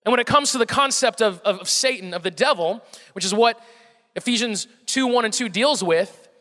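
A man's voice: high-pitched, moderate pace, bright, forceful tone, big-room sound. A male pastor with a Southern American accent preaching a conversational sermon, often repeating words and putting questions to the congregation.

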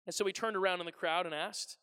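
A man's voice: sits high, fairly even intonation, fast, sharp tone, clean tone. A man preaching a sermon as pastor. He talks in a conversational way, asks the congregation questions and acts out the people he quotes. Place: church sanctuary. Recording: long hall reverb.

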